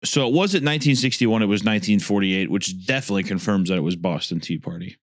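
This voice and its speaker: A man's voice: on the low side, quick pace, no room sound, clean studio sound. A young man co-hosting a casual comedy podcast, reading out trivia and swearing casually. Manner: animated, reads trivia aloud, swears casually. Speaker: podcast co-host.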